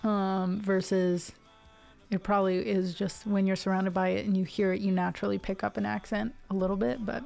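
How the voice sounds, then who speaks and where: A woman's voice: medium pitch, little pitch movement, normal speed, gravelly, a little mellow, faint music behind. A woman in her twenties with a neutral American accent, chatting to a live stream audience in a rambling way, full of tangents and fillers. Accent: neutral General American. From Ohio, USA. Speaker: music streamer. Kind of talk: casual chat to a live stream.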